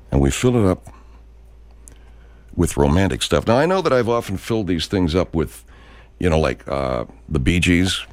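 A man's voice: sits low, dry recording. Profane rambling man in his sixties. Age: 60s. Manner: profane, rambling, full of restarts. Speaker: podcast host. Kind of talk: casual rambling monologue.

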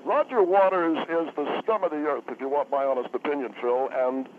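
A man's voice: on the high side, fairly quick, natural voice. A man playing a rambling, indignant TV newsman calling in to a radio show. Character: blustery male TV newsman calling in. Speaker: news reporter caller. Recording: tinny phone line, faint noise.

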